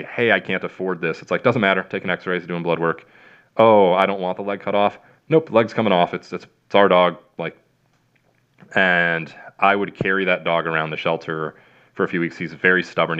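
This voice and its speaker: A man's voice: low voice, sharp tone. A man, a veterinarian, casually telling long stories in an interview, rambling with lots of fillers and acting out what people said. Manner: rambling with many fillers and acted-out quotes. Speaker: veterinarian guest. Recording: dull lo-fi sound.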